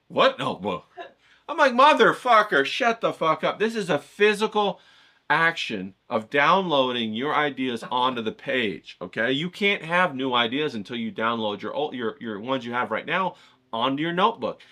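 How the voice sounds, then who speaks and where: An excitable man leads a casual lesson, wandering off topic and swearing freely. His voice is bright and forceful, and he keeps checking in with "okay?" and calling you "bro". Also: mid-range voice. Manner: loud, profane, goes off on tangents. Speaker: art course instructor. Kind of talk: casual, rambling video lesson.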